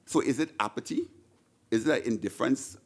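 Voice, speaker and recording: A middle-aged man from Trinidad and Tobago, speaking with a Trinidadian accent, gives an impassioned budget speech into a desk microphone in the senate chamber. His mid-range voice is expressive, fairly quick, and husky, and he often repeats words and restarts.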